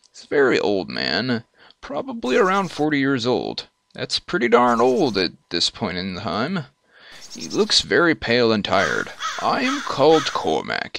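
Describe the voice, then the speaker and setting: A man hosting a let's play, reading the game's text aloud and adding wry, animated asides. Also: mid-range voice, vocal fry.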